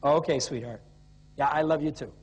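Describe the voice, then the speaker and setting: A man's voice: a little high, moderate pace, husky, pitched below the performer's own voice. A man doing a smug penny-pinching husband. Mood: sweet. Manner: wheedling on the phone, huffy over bills. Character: middle-aged male colleague, thrifty, smug husband. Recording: long reverb of a hall.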